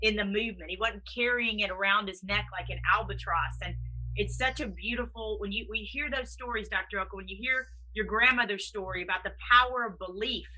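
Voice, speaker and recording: A woman's voice: medium pitch, a little fast, bright, forceful tone, low-quality recording. A woman hosting an interview podcast, talking in an effusive, encouraging way and asking her guest questions. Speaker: podcast host. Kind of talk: conversational interview.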